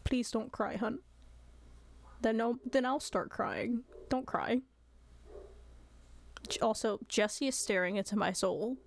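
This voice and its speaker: A woman's voice: on the high side, a little slow, creaky, slight background noise. A woman streamer chatting casually with her viewers, giggly and apologetic.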